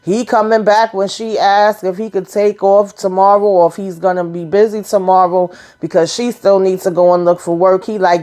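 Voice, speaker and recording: A woman giving a casual, sassy recap of a TV episode, talking straight to her viewers in animated, colloquial speech. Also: medium pitch, moderate pace, few pauses. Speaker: TV recap vlogger.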